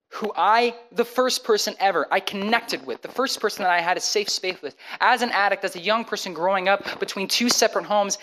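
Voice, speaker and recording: A young man sharing a personal testimony, storytelling with lively acted-out dialogue and frequent quick restarts. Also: high-pitched, low-quality recording. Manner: animated, acts out the dialogue with many quick restarts.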